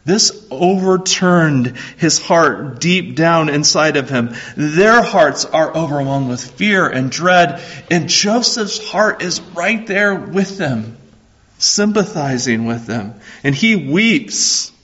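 A man preaching a sermon as a pastor, slow and earnest, repeating his phrases. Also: fairly high pitch, expressive, a bit bright, slightly rough, muffled recording.

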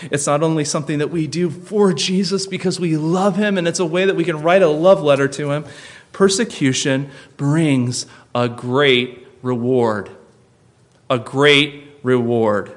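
Male pastor, sermon delivery, earnest, soft and slow in places, loud and emphatic at peaks. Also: medium pitch. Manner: earnest preaching, rising to emphatic and loud at climaxes; drops soft and slow for tender points.

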